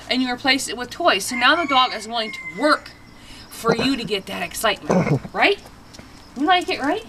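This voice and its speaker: A woman vlogging a casual dog training demonstration, chatty, breaking into high sing-song praise for her dogs. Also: big pitch swings, moderate pace, bright, forceful tone, slight background noise, rough recording.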